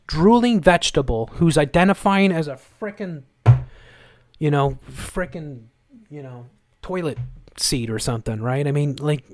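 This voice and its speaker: A man's voice: on the high side, expressive, measured pace, dry recording, clean studio sound. A man hosting a live stream, ranting in angry, sarcastic, repetitive bursts of commentary. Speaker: livestream host.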